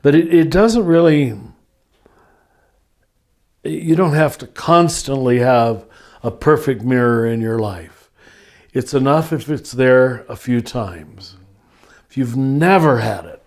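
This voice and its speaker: An older man, a spiritual teacher, answering listener questions in a gentle, unhurried and reflective podcast conversation. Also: mid-range voice.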